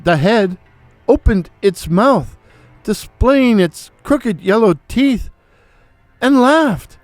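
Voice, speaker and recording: A man telling an original horror story in a slow, deliberate, theatrical way, as host of his own channel. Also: sits high, expressive, no echo, soft background music. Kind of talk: dramatic horror story narration.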